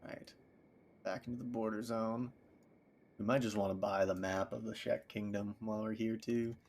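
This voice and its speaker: A man's voice: on the low side, steady tone, normal speed, a little hiss or hum. A man streaming a game live, casually thinking aloud and reading viewer messages back as he plays. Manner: rambling, thinks aloud and reads chat questions back. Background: loud game soundtrack music.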